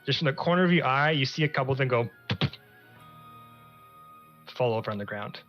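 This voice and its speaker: A man's voice: medium pitch, expressive, a little fast, dull audio, soft background music. A man narrating as game master in a casual, descriptive way.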